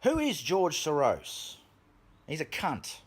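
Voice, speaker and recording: A man's voice: takes it slowly, husky. A man with an Australian accent, ranting profanely to camera in a vlog monologue. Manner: profane, animated, swings pitch up for emphasis. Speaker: vlogger.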